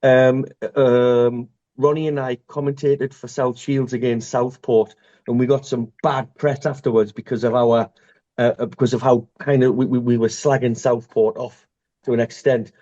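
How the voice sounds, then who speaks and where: A man chatting on a podcast, halting and quick to laugh. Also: medium pitch, level tone, dark tone, dull audio. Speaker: podcast co-host. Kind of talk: casual chat.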